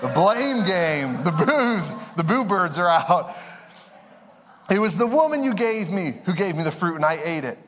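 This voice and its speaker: Young male pastor, conversational sermon, slightly high voice, long reverb from the hall. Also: very animated, a bit bright. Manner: conversational, storytelling with quick asides.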